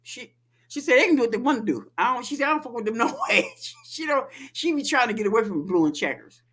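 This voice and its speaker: A woman co-hosting a casual podcast, telling a story in a lively, profane, laughing way. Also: fairly high pitch, fast talker, slightly rough. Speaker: podcast co-host.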